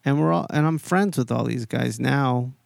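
A man hosting a podcast, telling a long story in a casual, animated way, heavy on swearing and quoted voices. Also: medium pitch, normal speed, gravelly, no room sound, studio quality. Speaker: podcast host.

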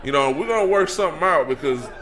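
A man playing a brash, cocky talk-show loudmouth. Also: fairly high pitch, lively intonation, quick pace, background noise, lightly acted. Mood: brash ranting. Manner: loud, swaggering, profane, laughs through lines. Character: brash, cocky male talk-show persona, always angry. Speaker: segment host. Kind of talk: comedic in-character rant.

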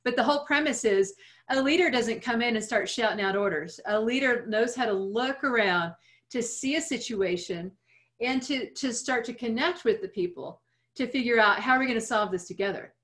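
Woman in her 40s giving life lessons, earnest, fairly high voice. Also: normal speed, a bit bright. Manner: earnest, reflective, laughs lightly. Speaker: guest speaker. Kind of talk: interview conversation.

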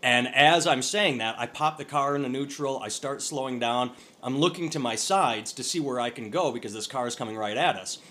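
A man's voice: medium pitch, a little fast, few pauses. A man co-hosting a podcast, telling a long story in casual chat with restarts and swearing. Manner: rambling, animated storyteller with profanity and restarts. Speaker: podcast co-host. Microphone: over a phone-computer call.

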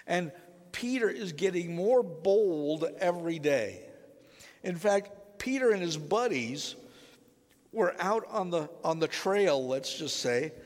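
A pastor delivering a sermon, telling a childhood story in a conversational way and drawing the congregation in with questions. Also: male voice, a little high. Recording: long hall reverb.

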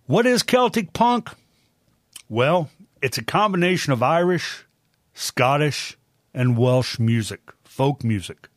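Slow, folksy older man hosting. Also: medium pitch, animated, dry recording, studio quality. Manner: unhurried, folksy and chatty. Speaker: music show host. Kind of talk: casual spoken introduction of music.

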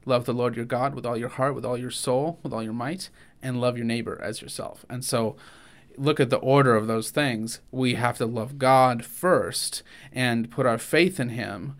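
A man co-hosts a podcast in an earnest, conversational way. His voice sits at a middle pitch, and he often restarts his sentences and stumbles before finding the thought. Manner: earnest, halting with many restarts and fillers. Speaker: podcast co-host.

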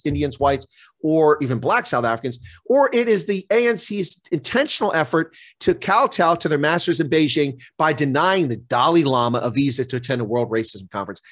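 A man speaking as a political interview guest, indignant and impassioned. His voice sits a little high. He hammers his points home with emphasis. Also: dry recording. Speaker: guest commentator.

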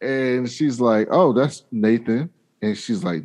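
A man's voice: mid-range voice, moderate pace, a little mellow. A man recapping a TV episode in casual chat, playfully acting out the characters' lines with slang.

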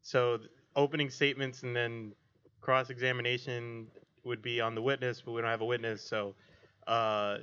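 Guy arguing mock trial rules, bright tense voice, kinda muffled audio. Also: medium pitch, level tone, moderate pace, clean tone. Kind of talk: casual mock courtroom banter.

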